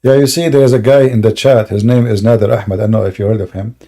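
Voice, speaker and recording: A man's voice: on the low side, fairly even intonation, fast, warm tone. A man hosting a live broadcast, asking direct, blunt questions in non-native phrasing. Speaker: host of a live debate broadcast.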